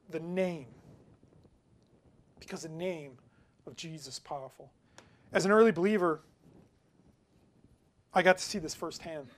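A man, a pastor, preaches in an easygoing, talkative manner, relating a personal story while his delivery rises to loud emphasis and drops to murmured asides. He speaks high-pitched.

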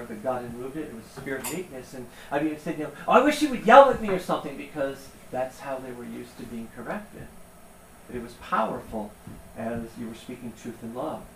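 A man preaching a sermon in a conversational, animated storytelling way. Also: medium pitch, creaky, a little hiss or hum. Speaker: pastor. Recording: roomy sound from a distance.

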